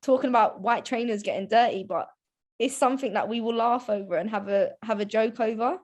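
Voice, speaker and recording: A woman's voice: on the high side, fairly quick, a little mellow, lo-fi sound. A young woman, chatting casually as a podcast guest, full of restarts and "like" fillers. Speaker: guest, women's football presenter.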